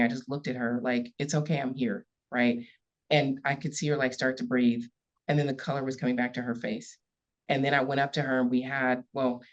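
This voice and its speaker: A woman police chief telling a story in a podcast interview, earnest and emphatic, repeating key words for weight. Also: very deep voice. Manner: earnest, repetitive emphasis, gets emotional. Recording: slightly dull lo-fi audio.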